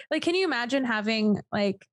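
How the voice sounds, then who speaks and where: A woman's voice: on the high side, a bit bright, no echo, studio quality. A woman co-hosting a casual podcast chat, blunt and incredulous, swearing freely as she reacts. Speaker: podcast co-host.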